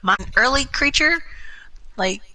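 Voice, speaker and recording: Bright-toned young woman telling a rambling story. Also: high voice, lively intonation, takes it slowly, poor audio. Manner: rambling, self-mocking storyteller. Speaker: gaming group member. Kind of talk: casual storytelling over voice chat.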